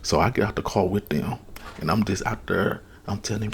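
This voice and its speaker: A man with a very breathy, soft voice, slowly telling a personal testimony as ASMR. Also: lowish voice, slight background noise. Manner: slow, hushed, earnest retelling. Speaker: storyteller.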